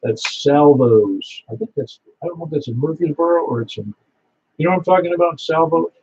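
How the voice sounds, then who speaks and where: A man from Niagara Falls, New York, leads a ham radio net as net control, speaking a little fast in a higher, darkish-toned voice. Slight background noise joins the muffled lo-fi audio. He's talkative, a storyteller who laughs easily.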